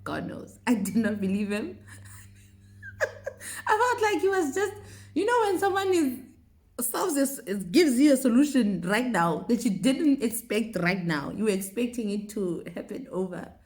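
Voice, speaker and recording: A young woman telling a personal faith testimony in a casual, animated way, often laughing. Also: fairly high pitch, a little slow. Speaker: vlogger sharing a testimony.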